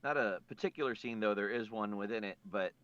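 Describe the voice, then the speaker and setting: A man voice director chatting casually on a panel, relaxed and rambling. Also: on the low side, a little fast, dry recording. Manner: relaxed, rambling, animated when telling stories. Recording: dull lo-fi audio.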